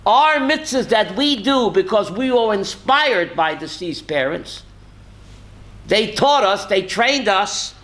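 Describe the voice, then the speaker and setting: A rabbi teaching a Torah class speaks in a high, animated, slightly bright voice at a slow pace. He calls on his listeners by name to quiz them and tells stories full of emotion, sprinkling in Yiddish and Hebrew words.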